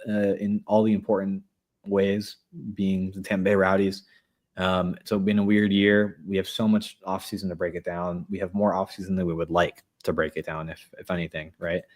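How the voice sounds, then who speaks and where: A man hosting a sports podcast in a relaxed, joking, chatty way. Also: deep voice. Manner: relaxed, joking, upbeat sign-off. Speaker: podcast host. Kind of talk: casual podcast chat.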